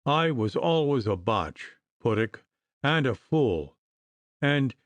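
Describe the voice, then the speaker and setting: A man voicing a frightened, blustering gentleman who stumbles over his words. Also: medium pitch, sing-song, slow, no echo. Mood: mournful. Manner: blustering, then faltering and fearful.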